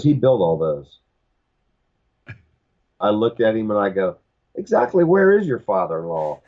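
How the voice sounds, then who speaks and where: Heard on a muffled recording, a low, husky-voiced man appears as a podcast guest. He tells a long, wandering anecdote and performs the dialogue of the people in it.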